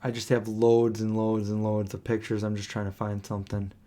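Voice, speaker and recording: A man's voice: on the low side, monotone, fairly quick, dark tone. A man hosting a casual late-night live stream at home, rambling and stopping to search for names he can't remember. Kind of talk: casual chat. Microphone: desk microphone.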